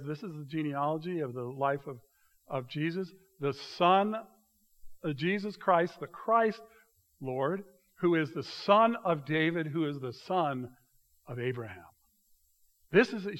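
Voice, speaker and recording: A man preaching a sermon, walking his listeners through a passage with emphatic, animated storytelling. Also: fairly high pitch. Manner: animated, emphatic storytelling with rising bursts of loudness; directs listeners to mark passages in their notes. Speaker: pastor.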